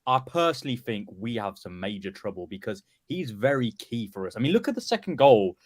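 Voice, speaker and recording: A man's voice: lowish voice, very animated, brisk, dry recording. A man giving brash, teasing football banter in a casual chat. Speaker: football pundit.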